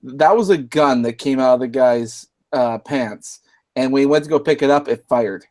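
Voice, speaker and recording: A man in casual group chat, explaining things to viewers with halting restarts. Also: mid-range voice, a little mellow.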